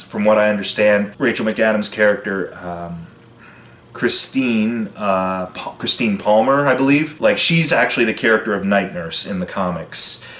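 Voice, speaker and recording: A man giving a casual film review, chatty and loose, full of fillers and self-corrections. His voice sits on the low side. The room around him adds a noticeable echo. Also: a bit bright. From United States. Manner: chatty, loose, frequent fillers and restarts, brief impressions of lines.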